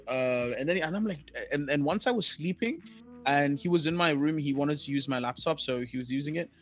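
A man from India co-hosts a casual podcast, spinning anecdotes with energy. His voice sits in a middle register. He jumps into other people's voices as he tells the story, with faint music underneath. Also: mid-range voice. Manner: animated storyteller, acts out quoted voices. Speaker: podcast co-host.

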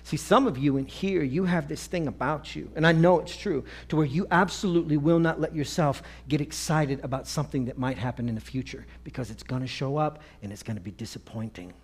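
A man preaching a lively sermon, acting out characters with playful energy. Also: fairly high pitch, fairly quick, hardly any pauses, breathy edge. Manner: animated, playful, acts out voices and laughs. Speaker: pastor.

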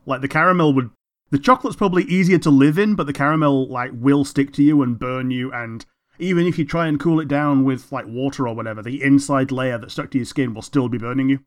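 A laid-back man in a mid-range voice, chatting easily and agreeing often. He talks about what he watches at an unhurried, conversational pace. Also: medium pitch. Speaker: co-host watching a cartoon. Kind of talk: casual reaction chat.

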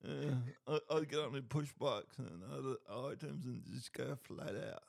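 A man's voice: mid-range voice, moderate pace, gravelly, dry recording, clean studio sound. A man co-hosting a podcast, chatting casually and telling rambling stories with frequent chuckles. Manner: rambling storyteller, chuckles often. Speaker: podcast co-host. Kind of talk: casual chat.

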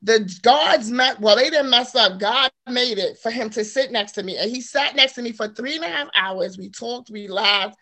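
A woman in her forties chats as an interview guest, telling her story with lots of animation and laughter. Her voice is bright and sits a little high, and she acts out the quotes in it. The sound is close and clean. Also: normal speed, hardly any pauses. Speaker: author guest. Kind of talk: casual interview chat.

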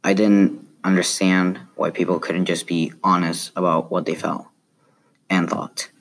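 A deep-voiced young man reads a personal essay aloud. His light South American Spanish accent colors the words, and his delivery is plain and earnest. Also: flat delivery, measured pace, slight background noise. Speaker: student.

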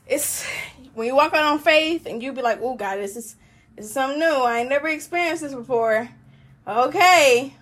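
A woman with a high, slightly breathy voice talks casually about her faith. She is joyful and preachy, laughs often and rambles from one thought to the next. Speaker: Christian woman sharing testimony.

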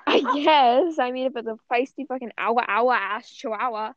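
This dry, dull, lo-fi recording catches a young woman co-hosting a podcast in a fairly high voice, talking a little fast. She rambles casually, swears often, and says "like" all the time.

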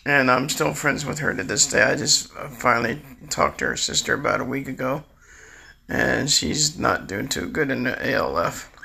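A man's voice: medium pitch, big pitch swings, normal speed, creaky, pushed and bright. A man in his sixties rambling through a candid, confessional personal monologue. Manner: rambling, confessional, restarts often. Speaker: storyteller recounting his life.

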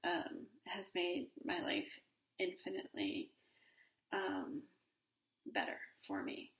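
A woman's voice: on the low side, slow, a bit bright, roomy sound. A woman in her forties hosting a solo podcast in a casual, rambling way, with many fillers and restarts. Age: 40s. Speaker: podcast host.

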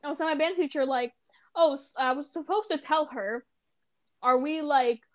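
A woman's voice: sits high, normal speed. A teenage girl co-hosting a podcast in casual chat. She talks nervously, stutters and fills her speech with "like". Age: teens. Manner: nervous, stutters, filler-heavy. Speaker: podcast co-host.

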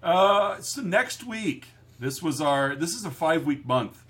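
A man co-hosting a movie podcast in casual chat, jokey and quick to laugh, often quoting films. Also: a little high, expressive, fairly bright tone, husky. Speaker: podcast co-host.

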